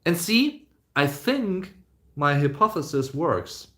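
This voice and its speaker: A man's voice: on the high side, sing-song, slow pace, a bit bright. Chatty man live streaming. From Germany. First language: German. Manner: chatty, rambling, with many fillers and restarts. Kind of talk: casual live-stream Q&A chat.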